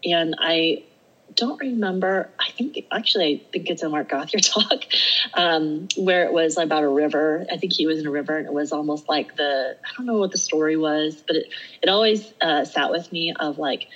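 Give me a middle-aged woman with a low, breathy voice, animatedly telling a personal story as a podcast guest. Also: moderate pace, lo-fi sound. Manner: animated, acts out her own self-talk; laughs often while talking. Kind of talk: casual storytelling conversation.

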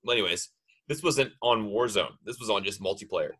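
A man's voice: on the low side, fairly quick, fairly bright tone, slightly rough. A man co-hosting a casual podcast chat, rambling and trailing off mid-sentence. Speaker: podcast co-host.

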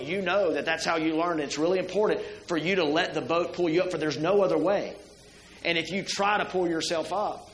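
Conversational pastor in an echoey sanctuary. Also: male voice, fairly high pitch, fairly bright tone, slight background noise. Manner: conversational preaching with rhetorical questions to the congregation. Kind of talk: sermon. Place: church sanctuary.

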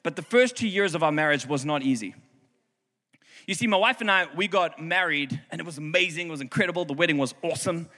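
A man in his thirties from South Africa, preaching a sermon with animated storytelling, acting out voices and bursting into shouts. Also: a little high, quick pace. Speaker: pastor. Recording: hall reverb with music behind.

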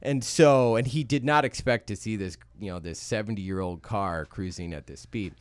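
A man in his thirties telling stories in a casual podcast chat, animated and acting out voices. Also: on the low side, moderate pace, clean tone, dry recording. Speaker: guest, real estate entrepreneur.

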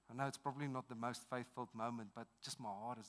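A man in his thirties with a South African accent preaching a sermon, telling a personal story earnestly and swinging from hushed to loud. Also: mid-range voice, fairly even intonation, racing, hardly any pauses. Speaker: pastor.

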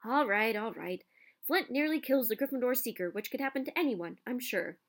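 A woman voicing a cheeky young male sports commentator in a storybook reading, calling the play with excitement. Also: fairly high pitch, fairly quick. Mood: excited.

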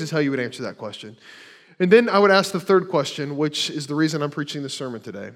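Conversational pastor preaching a sermon. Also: male voice, fairly high pitch, animated, fast, fairly bright tone. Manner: conversational preaching with rhetorical questions and asides.

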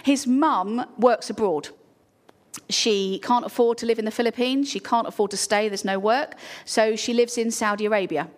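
A woman's voice: on the high side, steady tone, moderate pace. A woman giving an informal, earnest talk to a church congregation, full of ums and restarts. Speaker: charity speaker at a church.

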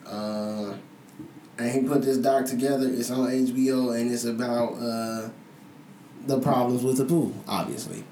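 A man's voice: mid-range voice, little pitch movement, unhurried, mellow. A man co-hosting a podcast in casual chat, talking loosely and profanely as he rants. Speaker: podcast co-host. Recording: echoey room, mic at a distance, faint noise.

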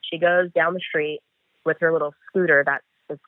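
A man with a slightly high voice, speaking at normal speed, tells a chase story from his work as a bail enforcement agent during an interview. He's animated and acts out the dialogue as he goes, using "I'm like" to voice the exchanges. The audio comes through a tinny phone line and is dry.

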